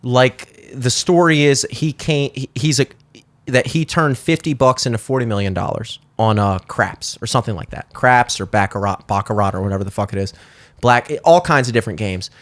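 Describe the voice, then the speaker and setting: A man's voice: medium pitch, normal speed. A man with a Baltimore accent hosting a podcast, rambling and swearing casually with lots of restarts. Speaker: podcast host. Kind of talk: casual chat. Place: studio.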